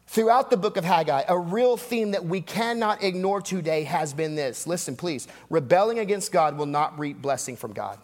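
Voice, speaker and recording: A man delivers a sermon in a high voice, driving his points home through repetition and rhetorical asides. His words ring out with the long reverb of a large hall. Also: expressive. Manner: emphatic, repetitive preaching with dramatic pauses and asides. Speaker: pastor.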